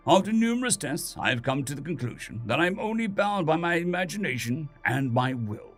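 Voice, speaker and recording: A man doing a calm, defiant dead atheist. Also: on the high side, brisk, faint music behind. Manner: calm, probing, asks question after question.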